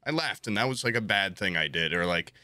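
A young man hosting a podcast in casual chat, telling an animated story while laughing often and swearing freely. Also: deep voice, fast. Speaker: podcast host.

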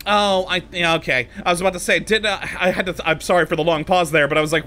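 Casting note: male let's-play host, bright, forceful voice, chatty and frustrated with the game, faint music underneath. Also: fairly high pitch, quick pace, hardly any pauses. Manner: talks to himself, easily exasperated, laughs often. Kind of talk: casual gameplay commentary.

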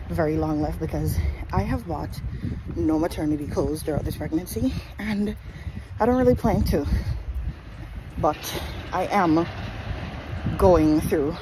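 A woman's voice: sits low, noisy background. A pregnant woman in her twenties, from Jamaica, talking candidly and out of breath in a casual vlog. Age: 20s. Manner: candid, chatty, unfiltered. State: out of breath, tired. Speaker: vlogger.

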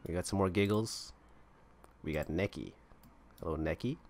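A man's voice: low-pitched, moderate pace, a little hiss or hum. A man giving casual gameplay commentary, thinking aloud and rambling as he explores an online game. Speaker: gamer playing online roleplaying servers.

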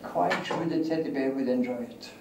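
An older man giving an academic lecture, speaking deliberately and repeating key phrases. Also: mid-range voice, gravelly. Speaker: guest lecturer. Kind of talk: academic lecture answering questions. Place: lecture hall. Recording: echoey hall, distant mic, faint hiss.

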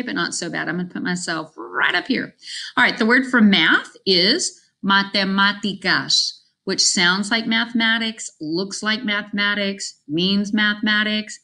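Bright-voiced woman teaching Spanish. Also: medium pitch. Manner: upbeat, chatty, self-deprecating asides; switches between English and Spanish, spelling out words slowly. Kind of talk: recorded online vocabulary lesson.

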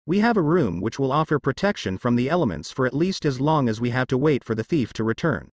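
A man reading a story aloud, voicing a calm male companion who talks in a nonchalant, matter-of-fact way. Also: medium pitch, quick pace, no echo, lo-fi sound.

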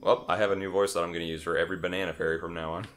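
A man's voice: low voice, racing, faint music behind. A man co-hosting a video game playthrough, chatting casually and teasing his partner with easy laughs. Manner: relaxed, teasing, laughs often. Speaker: let's play co-host. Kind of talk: casual gameplay chat.

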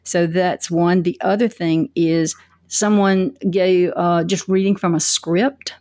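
A woman's voice: lowish voice, fairly even intonation, takes it slowly, dark tone, no echo. A woman answering interview questions as a public speaking coach, telling stories energetically with quoted asides.

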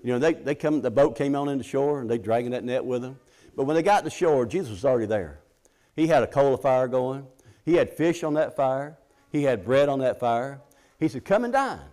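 A man's voice: medium pitch, fairly quick, warm tone. Folksy middle-aged man preaching. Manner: folksy, conversational preaching with frequent restarts; acts out scripture quotes. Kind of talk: sermon.

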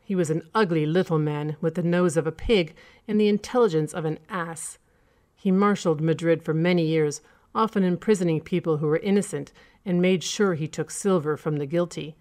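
A woman with a fairly low voice reads a dark period horror tale aloud. Her narration is steady and measured, in the manner of a radio story reading.

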